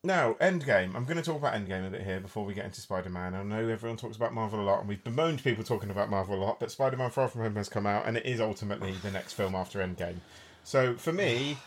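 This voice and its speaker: A man with a fairly low voice hosts a casual film review chat. He talks in a rambling, chatty way and often restarts his sentences mid-thought. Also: very fast, few pauses. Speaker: film podcast host.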